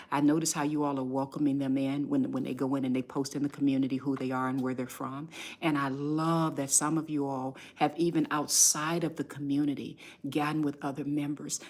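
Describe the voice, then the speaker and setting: A woman business coach hosting a live stream, pitching her community in an emphatic, emotional way and speaking straight to her viewers.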